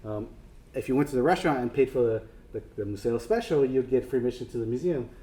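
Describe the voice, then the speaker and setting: A man's voice: medium pitch, quick pace, warm tone. A man giving a casual artist talk, rambling and self-deprecating, with many fillers and restarts. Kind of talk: casual lecture.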